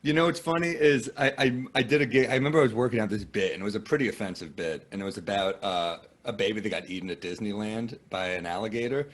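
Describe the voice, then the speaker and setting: A man's voice: lowish voice, fast talker, hardly any pauses. A man from the United States, a guest comedian, telling self-deprecating stories in casual conversation. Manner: self-deprecating, lively storytelling.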